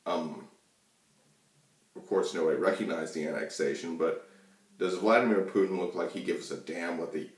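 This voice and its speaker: Low-voiced male vlogger, loose swearing monologue full of ums and restarts; echoey room, off-mic sound. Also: recorded from a distance. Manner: rambling, profane, many fillers and restarts. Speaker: channel host. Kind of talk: casual political rant to camera.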